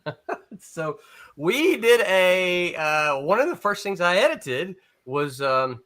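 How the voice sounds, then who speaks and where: Animated, bright-voiced male storyteller. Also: sits high, takes it slowly. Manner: rambling storyteller, chuckles often, many restarts. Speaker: comics editor and panel host. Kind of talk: casual panel chat, telling an anecdote.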